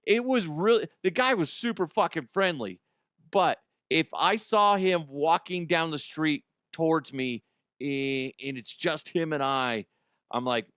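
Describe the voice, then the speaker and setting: A man hosting a comedy show, telling a story in a profane, animated way, laughing and jumping his voice high for effect. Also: unhurried, smooth, dry recording, clean studio sound. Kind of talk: comic storytelling monologue. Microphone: studio microphone.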